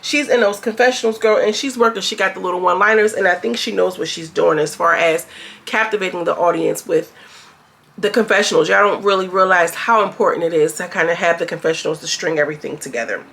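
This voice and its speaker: A woman giving a casual, slangy recap of a reality show, often jumping into high, mocking voices to quote the cast. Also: fast, gravelly, fairly bright tone. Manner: chatty, slangy, jumps into high mocking voices when quoting. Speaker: show reviewer.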